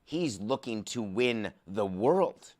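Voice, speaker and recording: A man's voice: fairly low pitch, lively intonation, takes it slowly, a little mellow. Sarcastic sports podcast host, a man. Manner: sarcastic, comic asides. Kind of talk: monologue.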